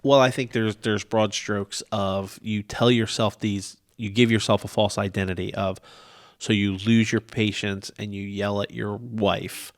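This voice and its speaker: Low-voiced man in a dry, close recording. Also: level tone, unhurried, no room sound. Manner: easygoing, joking back and forth. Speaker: church podcast co-host. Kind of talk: casual church podcast chat.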